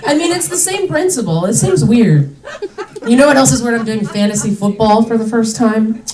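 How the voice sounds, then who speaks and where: A woman's voice: on the high side, expressive, moderate pace, roomy sound, far from the mic, a crowd in the background, poor audio. A young adult woman doing a stand-up comedy set on a club stage, chatty and indignant, with lots of "like" fillers.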